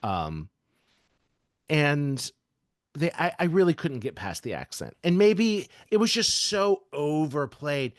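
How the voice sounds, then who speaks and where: A man's voice: a little high, very animated, slow pace, no room sound, clean studio sound. A man from the American South co-hosting a podcast, talking casually with lots of fillers and restarts. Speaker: podcast co-host. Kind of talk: casual chat.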